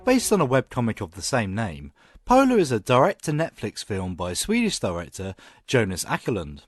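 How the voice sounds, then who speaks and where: A man's voice: mid-range voice, moderate pace, dry recording. A man co-hosting a film podcast, chatting enthusiastically and reading scripted reviews. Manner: enthusiastic, animated. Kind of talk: casual chat and scripted review narration.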